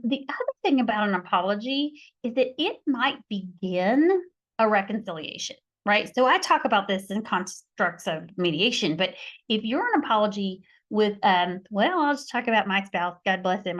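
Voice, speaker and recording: A middle-aged woman who works as a mediator and conflict resolution instructor teaches conflict skills on a podcast, driving her points home by repeating key phrases. Her voice is medium-pitched with lively intonation, and she speaks at a normal speed.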